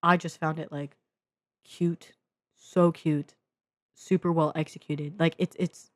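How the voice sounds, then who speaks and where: A young woman from the Bay Area giving a casual media review into her own mic, excitable and slangy, swearing freely and full of fillers. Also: low voice, takes it slowly, dry recording. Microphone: own desk mic.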